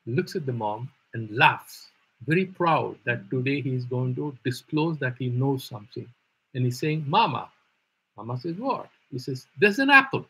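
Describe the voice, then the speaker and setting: A male Vedanta teacher, his voice gravelly and very husky at a middle pitch. He explains patiently in a live online class, posing rhetorical questions and circling back over the same terms. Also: a bit bright, rough recording.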